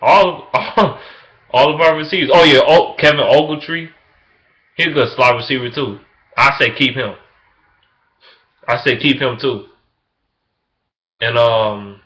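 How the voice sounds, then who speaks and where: A young man in a casual sports rant, profane and emphatic, repeating himself, jumping from loud excitement to low mutters. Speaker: vlogger. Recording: echoey room.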